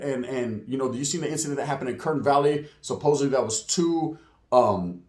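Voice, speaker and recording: A man's voice: medium pitch, a little fast, darkish tone. Streetwise man in a roomy echo. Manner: streetwise, slang-heavy, acts out quotes in put-on voices. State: slightly hoarse. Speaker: channel host, street news commentator. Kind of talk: casual monologue commentary.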